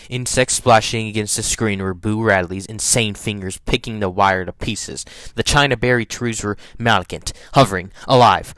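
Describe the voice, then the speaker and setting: A man's voice: lowish voice, fairly bright tone, no echo, studio quality. A man reading a novel aloud in a casual, offhand way, stumbling over words and tossing in swearing asides. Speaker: reader.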